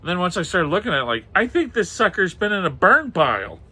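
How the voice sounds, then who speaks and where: His voice is high, pushed, and bright with a breathy edge, and he talks quickly and very animatedly. This middle-aged comic and pulp collector is doing a casual show-and-tell of old pulp magazines, reading titles out and making wry muttered comments.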